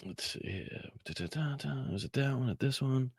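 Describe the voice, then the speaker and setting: A man's voice: medium pitch, expressive, moderate pace, darkish tone, breathy edge, no echo, studio quality. A man hosting a political podcast in a casual, mocking style, swearing freely and laughing as he comments. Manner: mocking, profane, laughs often. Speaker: podcast host.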